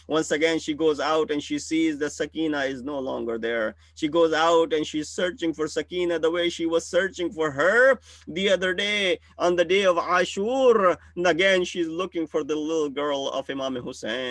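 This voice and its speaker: A man's voice: a little high, a bit bright, no room sound. A man, a religious scholar, telling a solemn story in a mourning sermon.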